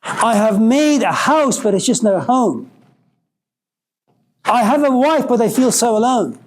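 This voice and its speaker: A man's voice: very high-pitched, very animated, measured pace, pitched above the performer's own voice, exaggerated voice. A man voicing a lost, despairing male salmon who has a home and family but feels empty, speaking in an anguished, pleading way.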